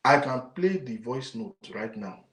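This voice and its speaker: A man's voice: mid-range voice, expressive, unhurried, fairly bright tone. A man with a Nigerian accent hosting his own talk show, ranting emphatically to viewers and repeating his points. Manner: emphatic, indignant, repeats himself, mixes in Yoruba. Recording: roomy echo.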